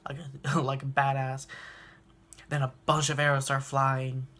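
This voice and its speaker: A man's voice: medium pitch, monotone, a little slow, pushed and bright. A young man recapping a cartoon episode casually, laughing often and acting out the characters' lines, recorded on a handheld phone. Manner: laughs often, acts out quotes. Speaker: reaction video host.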